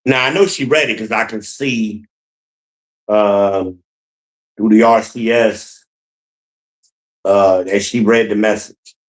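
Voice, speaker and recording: A man's voice: fairly low pitch, slow, pauses often, rough recording. A man hosting his own podcast, talking casually and bluntly on his own, venting with profanity and repeating his points. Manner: rambling, repeats himself. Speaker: podcast host. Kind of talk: casual solo monologue.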